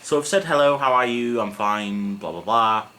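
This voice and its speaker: A man's voice: lowish voice, moderate pace. Chatty man teaching greetings. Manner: relaxed, self-mocking, chatty with many fillers. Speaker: Welsh language teacher. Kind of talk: casual video lesson. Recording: faint background noise.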